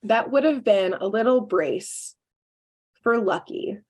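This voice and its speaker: A woman co-hosting a casual podcast, walking through a cartoon episode scene by scene. She talks in an animated way, slipping into the characters' lines and sprinkling in "like" as she goes. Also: a little high, slow. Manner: animated retelling, acting out characters' lines with lots of "like". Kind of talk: casual chat.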